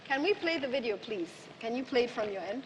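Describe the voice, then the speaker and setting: A woman's voice: fairly high pitch, lively intonation, brisk, very noisy. A woman giving a public speech, emphatic and asking the audience rhetorical questions. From Nigeria. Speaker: keynote speaker. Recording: long hall reverb from a venue.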